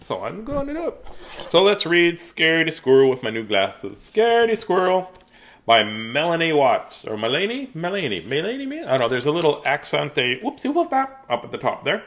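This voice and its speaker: A man's voice: a little high, wildly swooping pitch, a little fast, fairly bright tone. A man from Canada telling a funny story and reading a children's book aloud in a playful, joking way.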